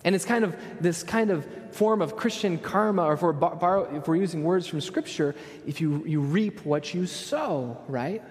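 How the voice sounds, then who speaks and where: A man's voice: fairly high pitch, normal speed, few pauses, a little mellow. A man in his thirties giving a conversational sermon, telling stories and often checking in with the audience. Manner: storytelling, often asks the audience "right?". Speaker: preacher. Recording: long hall reverb.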